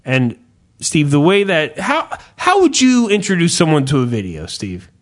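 A man's voice: on the high side, huge pitch swings, moderate pace. A man hosting a casual chat, swearing freely and rambling through a story, with many hesitations and restarts. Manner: hesitant, repeats himself. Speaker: podcast host.

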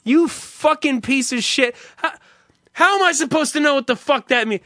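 A man with a high, bright, sharp voice rambles through profane stories and laughs as he talks. The sound is dry and close. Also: moderate pace, dry recording. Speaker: streamer host. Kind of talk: casual profane monologue.

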